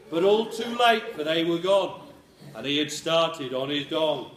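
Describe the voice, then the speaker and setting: Man, Birmingham accent, comic verse, high lively voice, echoey hall, faint noise. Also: recorded from a distance. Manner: slow, deliberate storytelling with put-on voices. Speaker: poetry performer. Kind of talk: comic rhyming poem recital. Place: school hall.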